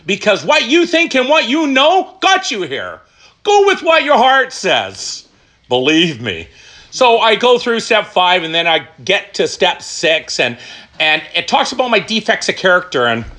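High, lively man sharing his recovery story. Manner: animated, emphatic, repeats questions and answers. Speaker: recovery speaker. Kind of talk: personal testimony talk.

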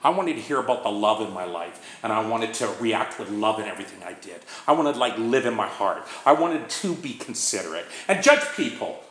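A man's voice: mid-range voice, very animated, normal speed, pushed and bright. A man giving an informal talk on working the recovery steps, speaking conversationally and checking in with his listeners with a frequent "right?". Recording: echoey room.

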